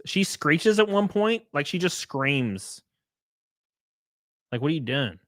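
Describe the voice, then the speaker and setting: A male streamer talks loosely and profanely to his chat, his pitch swinging up and down as he jokes. The sound is close and dry, with no room around it. He keeps a casual, teasing edge throughout. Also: very animated, a little slow, long pauses, fairly bright tone, dry recording. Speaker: live streamer.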